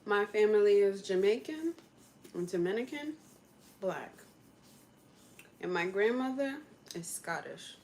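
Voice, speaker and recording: Young woman, casual livestream host, chatty and quick to laugh, faint background noise. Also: mid-range voice, big pitch swings, a little mellow. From United States. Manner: chatty, laughs often, answers viewer comments.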